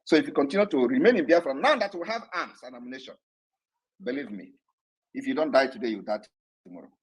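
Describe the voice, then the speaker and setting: A man giving a defiant, impassioned political address to supporters, shouting at times. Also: medium pitch, expressive, quick pace, husky, poor audio. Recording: online audio room broadcast.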